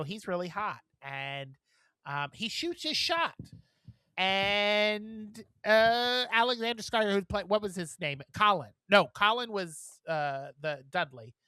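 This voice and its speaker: A man co-hosting a podcast, chatting casually in a blunt, profane, animated way. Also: high-pitched, smooth, dry recording. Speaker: podcast co-host. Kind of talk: casual chat.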